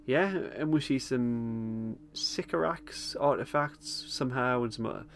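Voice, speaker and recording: A man's voice: mid-range voice, a little slow, a bit bright, a little hiss or hum. A man hosting a casual podcast chat, recapping a TV episode with frequent chuckles and hesitant ums. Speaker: podcast host.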